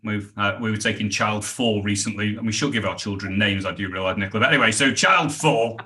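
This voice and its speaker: A middle-aged British man, a sales trainer, telling animated stories in a podcast interview and acting out the dialogue. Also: lowish voice, a little fast. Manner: animated anecdotes, acts out quoted dialogue.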